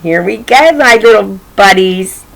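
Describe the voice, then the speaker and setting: A woman's voice: medium pitch, lively intonation, unhurried, creaky, fairly bright tone, rough recording. An older woman reading a picture book aloud to children, chatting affectionately and pointing out the pictures. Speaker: story reader.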